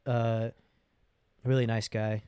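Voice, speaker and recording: A man's voice: mid-range voice, level tone, slow pace, mellow, clean tone, no echo, clean studio sound. A man in his twenties telling crude stories in a casual, slangy way, often laughing and swearing. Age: 20s. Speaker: podcast host.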